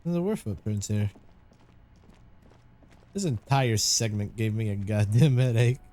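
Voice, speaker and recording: Lively chatty man playing a game. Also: lowish voice, measured pace. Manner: chatty, joking, reads game text aloud. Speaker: gameplay commentator. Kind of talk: casual let's-play commentary.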